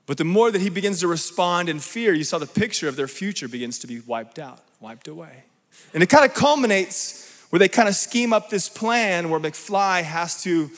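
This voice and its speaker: A man preaching a sermon, animated and often checking in with the crowd. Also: high-pitched. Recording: long hall reverb.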